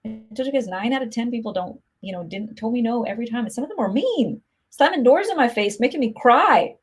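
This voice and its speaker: A woman's voice: fairly high pitch, expressive, fairly quick, breathy edge. A woman hosting a casual livestream, answering viewers' comments in a chatty, upbeat way full of "like" and "you know". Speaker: music promotion host answering live comments.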